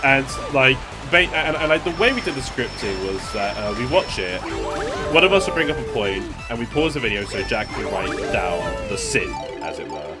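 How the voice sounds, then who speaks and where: A man's voice: mid-range voice, big pitch swings, moderate pace, over loud music. A young man streaming, chatting casually with lots of fillers and restarts. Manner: rambling, with fillers and laughs.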